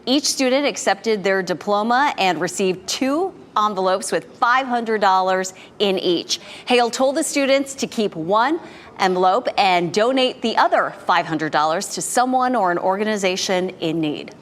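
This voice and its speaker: A woman anchoring a local midday newscast, reading stories in a crisp, even delivery. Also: medium pitch, moderate pace, in a large hall, a little hiss or hum. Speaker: news anchor.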